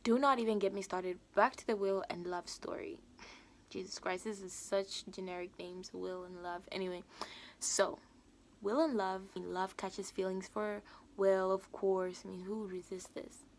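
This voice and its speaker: Casual woman vlogger, chatty and animated, slight fry in her voice. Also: medium pitch, measured pace, slight background noise. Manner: animated, acts out characters' lines, laughs often. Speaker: vlogger recapping a TV episode.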